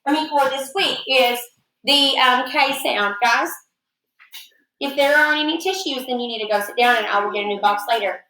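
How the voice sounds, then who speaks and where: A woman teacher giving a phonics lesson to young children, slow and patient, drawing out her words. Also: high-pitched, bright, forceful tone. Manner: patient, sing-song, slowly drawn-out words. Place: classroom with children. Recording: echoey classroom.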